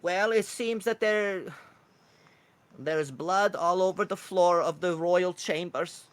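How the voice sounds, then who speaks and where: A man voicing a male blue kookaburra bard messenger in a tabletop game, speaking in a high, drawn-out, fussy way. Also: dry recording. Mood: fretful.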